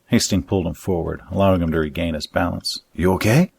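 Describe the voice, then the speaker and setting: A man reading his own dark fantasy story aloud in a measured, even audiobook narration. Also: deep voice, vocal fry, slightly rough, no room sound.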